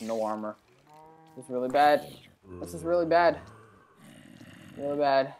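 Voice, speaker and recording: With a low voice, a woman hosting a gaming channel chats her way through a let's play, addressing viewers directly and bursting out excitedly at times.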